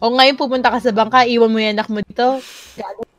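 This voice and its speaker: A young Filipino woman with a Filipino accent, giving profane, dramatic commentary and shouting at animals in a game. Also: fairly high pitch, fairly even intonation, fast, dry recording. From Philippines. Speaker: gamer. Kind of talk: casual gameplay commentary.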